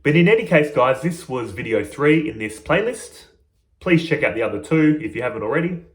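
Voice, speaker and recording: A man's voice: mid-range voice, animated, fairly quick, reverberant. A man giving an informal, earnest spiritual lesson to his viewers in a conversational way. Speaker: spiritual teacher.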